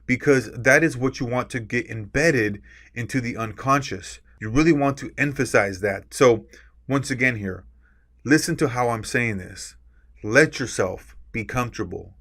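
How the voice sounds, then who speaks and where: A man's voice: medium pitch, a bit bright. Man giving an emphatic recorded lecture. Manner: explains with examples, frequent tag "right?"; stresses key words deliberately. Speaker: course instructor.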